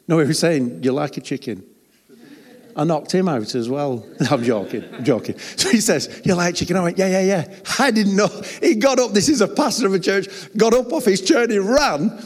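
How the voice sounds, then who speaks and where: Joking preacher in a reverberant hall. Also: male voice, sits high. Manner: humorous, chatty storytelling with laughs. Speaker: pastor. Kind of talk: sermon.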